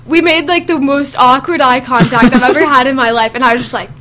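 A woman's voice: high voice, fairly quick, a little hiss or hum. A young woman chatting casually with friends, telling a story and laughing often. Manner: giggly, animated storyteller.

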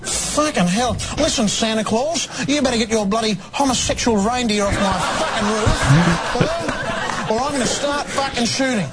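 A crude, cocky Australian hard man, performed by a man in a TV sketch. The voice sits strikingly high and keeps tripping over filler sounds between curses. Loud noise rumbles behind it all through the clip. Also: expressive, moderate pace. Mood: mocking recital. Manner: swears constantly, rambles with "uh"s, crude. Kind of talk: TV sketch comedy.

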